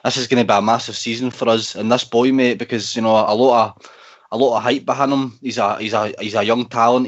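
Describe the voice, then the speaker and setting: A man, a caller on a fan radio show, talking earnestly and repeating his words. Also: mid-range voice. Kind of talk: casual phone-in chat. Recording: dull lo-fi sound.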